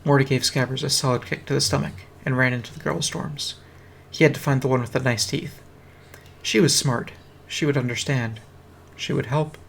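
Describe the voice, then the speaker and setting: A man's voice: mid-range voice, steady tone, moderate pace, creaky, fairly bright tone, a little hiss or hum. A man reading a fantasy fan story aloud on a stream, with a dry, wry delivery. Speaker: reader. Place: home streaming setup. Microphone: streaming mic.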